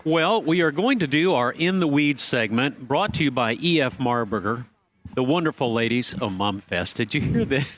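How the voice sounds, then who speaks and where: A man's voice: medium pitch, lively intonation, moderate pace, a bit bright, soft background music. Teasing male radio garden-show host. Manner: teasing, quizzes his co-host. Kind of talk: casual radio chat. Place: radio studio. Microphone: studio microphone.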